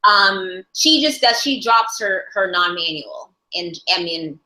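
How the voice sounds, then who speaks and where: A woman's voice: mid-range voice, lively intonation, slow pace, pushed and bright, a little hiss or hum. A woman teaching a class on interpreting, talking things through thoughtfully with frequent restarts. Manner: thoughtful, searching for words, many restarts. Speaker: ASL interpreting instructor. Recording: echoey room.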